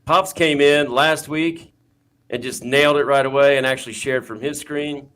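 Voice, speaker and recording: A man's voice: mid-range voice, fairly even intonation, moderate pace, a bit bright. A man hosting a live video call show, easygoing, reading viewer questions and fiddling with screen sharing. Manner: easygoing, reads chat questions aloud. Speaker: host. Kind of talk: casual live show chat.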